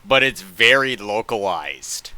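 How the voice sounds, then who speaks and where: Male streamer, unhurried, jokey and rambling; bright, clear tone. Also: lowish voice, expressive, no room sound. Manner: jokey, rambling, laughs a lot. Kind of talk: casual live-stream chat.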